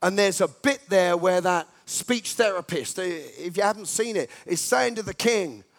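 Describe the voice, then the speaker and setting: Male preacher with a high voice, emphatic and repetitive, swinging from quiet asides to loud calls to action. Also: moderate pace. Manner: emphatic, repetitive exhortation with sudden loud rallying cries. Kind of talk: sermon.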